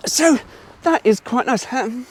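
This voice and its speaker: A man's voice: very high voice, animated, takes it slowly, husky. A middle-aged man, giving a chatty, blunt and opinionated car review walkaround with some mild swearing.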